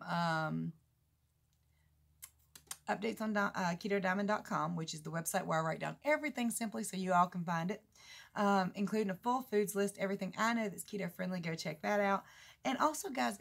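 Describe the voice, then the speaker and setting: Gravelly-voiced chatty woman. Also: normal speed. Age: 40s. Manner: chatty, rambling, laughs a lot, mimics others in high voices. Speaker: keto vlogger. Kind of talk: casual chat to camera.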